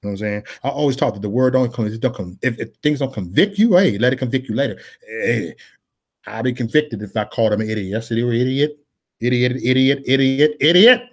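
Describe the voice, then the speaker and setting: A man of middle pitch rants like a street preacher, hammering the same phrases over and over. He drops casual slang between sermon-style declarations and swings from loud outbursts to low, muttered asides. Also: quick pace, slightly rough. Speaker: political vlogger. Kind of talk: preachy live-stream monologue.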